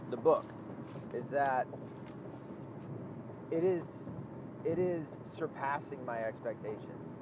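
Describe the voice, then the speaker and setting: A man's voice: medium pitch, slow pace. A man talking casually while driving, swearing a lot and rambling as he loses his train of thought. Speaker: vlogger. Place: inside a car on the road. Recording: steady car road noise.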